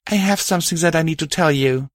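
A man reading aloud and voicing a guilt-ridden young pony hero who stammers and confesses haltingly. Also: fairly high pitch, dry recording, studio quality, pitched above the performer's own voice, close to an everyday voice. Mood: guilty.

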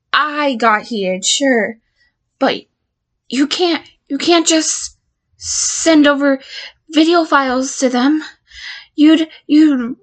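Sounding panicked and pleading, a woman with a high, exaggerated voice portrays an erratic patient blackmailing her therapist. The audio drama monologue has her stammering and cursing as she lurches between threats and pleas.

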